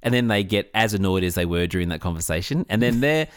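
A man co-hosting a casual chat, often laughing and jumping into high, mocking impressions. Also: animated, fast, clean tone, no echo, studio quality. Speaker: podcast co-host.

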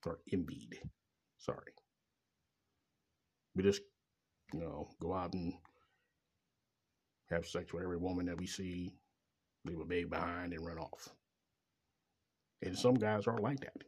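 A middle-aged man with a very low, husky voice rants in a rambling personal monologue. His talk is bitter and laced with profanity. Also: a little slow, long pauses, a little mellow. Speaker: father venting about child support.

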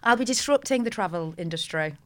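A woman's voice: medium pitch, lively intonation, brisk, a bit bright. A woman and travel business founder talking candidly and with self-deprecating humour on a podcast. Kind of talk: casual podcast chat.

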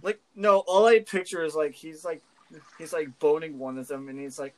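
The audio is poor, but you can hear a man with a higher-pitched voice talking at a moderate pace. He's co-hosting a casual podcast chat, swearing freely, laughing a lot and telling animated stories.

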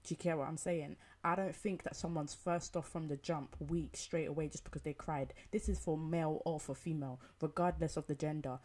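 A woman's voice: low-pitched, steady tone, brisk, few pauses, darkish tone. A young woman giving an emphatic opinion monologue, repeating herself and asking rhetorical questions. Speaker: commentator.

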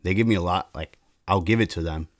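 A man chatting casually, giving relaxed, matter-of-fact advice. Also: sits low, quick pace, no echo, clean studio sound. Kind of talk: casual chat.

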